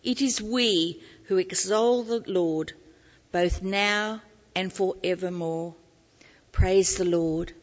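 A woman reading scripture aloud in church, slow and deliberate. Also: on the low side, big-room sound, lo-fi sound. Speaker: scripture reader.

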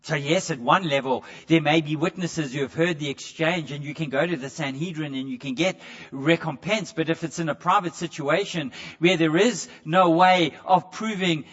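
A man's voice: fairly high pitch, moderate pace, few pauses, a bit bright, dull audio. A man preaching a sermon in a conversational way, stumbling over repeated words and putting questions straight to the congregation. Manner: asks the congregation direct questions.

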